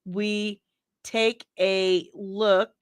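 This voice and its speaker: A woman's voice: mid-range voice, flat delivery, drawn-out words, clear, resonant tone, no room sound, clean studio sound. A woman hosting a pop culture news show in a casual, chatty way, reading viewer comments aloud and rambling into personal asides.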